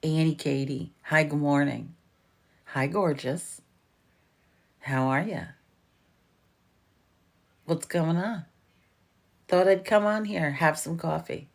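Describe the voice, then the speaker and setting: Chatty, low-voiced New York woman. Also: takes it slowly, gravelly, long pauses. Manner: chatty, swears freely, animated storytelling. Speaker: livestream host. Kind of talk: casual morning livestream chat.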